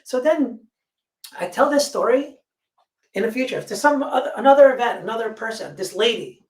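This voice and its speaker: A woman's voice: a little high, a little fast. A woman in a casual discussion, telling stories bluntly and swearing freely. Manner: blunt, profane, animated storytelling. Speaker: panel guest. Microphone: video call. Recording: echoey room, distant mic.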